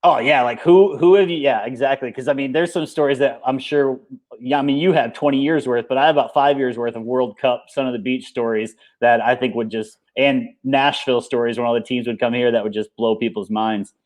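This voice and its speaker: A man's voice: medium pitch, fairly even intonation, fairly quick, darkish tone. Rambling man as an interview guest. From United States. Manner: rambling, filler-heavy, repeats words. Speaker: guest, paintball coach. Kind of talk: casual interview chat.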